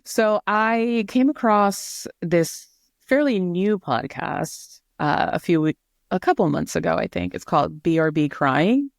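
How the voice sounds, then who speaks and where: Halting woman co-host, dry close sound. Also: lowish voice, lively intonation, creaky, no room sound. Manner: halting, many agreeing backchannels. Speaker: podcast co-host. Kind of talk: casual chat.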